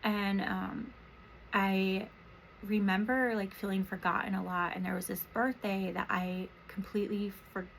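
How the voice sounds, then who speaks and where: A woman in her thirties, a therapist and podcast host from Washington State, speaking softly and emotionally in a rambling, reflective personal monologue. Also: mid-range voice, flat delivery, measured pace, gravelly, slight background noise, rough recording. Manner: soft, emotional, rambling with many fillers.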